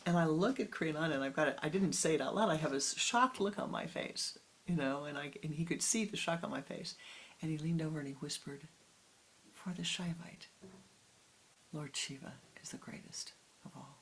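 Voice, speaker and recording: In a meditative sermon, a spiritual teacher talks slowly and softly at medium pitch, frequently sinking into a whisper. Long pauses and halting restarts mark the unhurried delivery, with slight background noise behind it.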